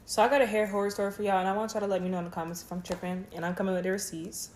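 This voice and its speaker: A woman's voice: mid-range voice, level tone, very fast, background noise. A woman chatting straight to her viewers as she starts a story time. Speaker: vlogger. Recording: roomy room echo.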